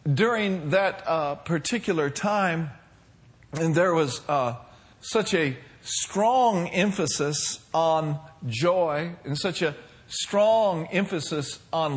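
Preaching man, congregation answering. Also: sits high. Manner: preaching with call-and-response asides. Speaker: pastor. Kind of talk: sermon. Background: congregation responding.

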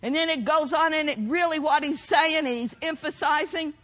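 A woman preaching a fervent sermon, shouting proclamations and exclaiming hallelujah. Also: sits high, normal speed, hardly any pauses, big-room sound.

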